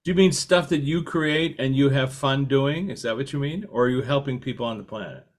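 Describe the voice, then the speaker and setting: A man hosting a relaxed conversation, asking his guest many questions. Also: mid-range voice, fairly quick. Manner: animated, asks many questions. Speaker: podcast host. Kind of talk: casual conversation.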